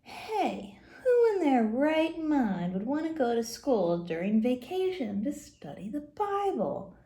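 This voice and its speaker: A woman teaching Sunday school who reads a silly picture book aloud to children, playful and quick to giggle. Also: high-pitched, very animated, mellow. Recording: roomy echo.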